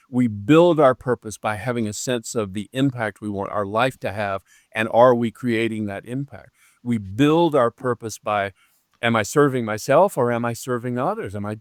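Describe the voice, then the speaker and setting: A man's voice: mid-range voice, no echo. Earnest man in his seventies, dry sound. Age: 70s. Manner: earnest and animated, slows down to stress key phrases, acts out quoted voices. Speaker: guest, leadership coach. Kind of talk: conversational interview.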